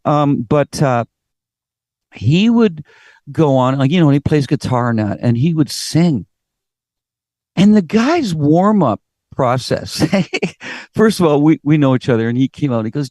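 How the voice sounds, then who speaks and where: Middle-aged Canadian rock singer, mid pitch, animated, acts out his stories, dry close sound. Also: measured pace, pauses often, no room sound. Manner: animated storyteller, acts out quotes, swears casually. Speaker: guest singer. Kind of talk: casual interview chat.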